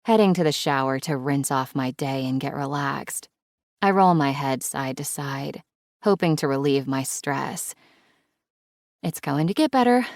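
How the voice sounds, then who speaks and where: A woman's voice: low voice, vocal fry, dry recording, clean studio sound. A woman narrating a romance audiobook in first person, wry and conversational.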